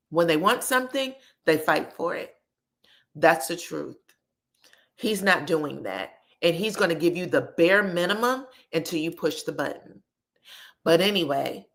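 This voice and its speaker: A woman's voice: fairly low pitch, a bit bright. A woman hosting a podcast, recapping a reality show in blunt, sassy casual commentary. She swears freely and acts out the quoted lines dramatically.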